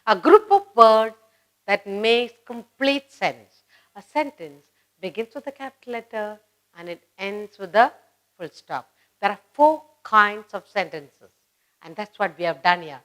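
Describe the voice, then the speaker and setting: A woman's voice: mid-range voice, expressive, unhurried, a bit bright. A woman teaching a children's grammar lesson, repeating each example sentence and explaining it step by step. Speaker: English teacher.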